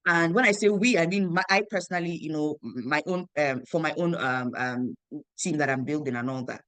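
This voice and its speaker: A young woman who leads a network marketing team tells a motivational story about her business in a low voice at normal speed, on a dry recording. She's animated, repeats phrases and acts out the dialogue she quotes.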